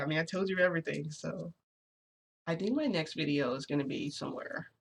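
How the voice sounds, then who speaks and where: A vlogger venting casually to viewers, rambling and confessional with lots of restarts and fillers. The voice has a gravelly, creaky edge at a middling pitch. Faint noise hums beneath it. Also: fairly quick. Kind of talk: casual vlog chat, venting.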